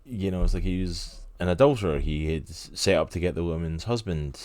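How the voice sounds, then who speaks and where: A Scottish man speaks in an extremely deep voice, earnest and rambling, padding his thoughts with fillers. The sound is dry and close, with no room around it. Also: a little fast, darkish tone, no room sound. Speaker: podcast co-host. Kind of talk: casual interview chat.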